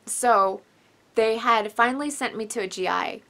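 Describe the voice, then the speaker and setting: A young woman talks straight to the camera in a bright, forceful voice, rambling through a personal story. She sounds emotional and tearful at times, sighing and apologizing as she goes. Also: a little high, moderate pace. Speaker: vlogger.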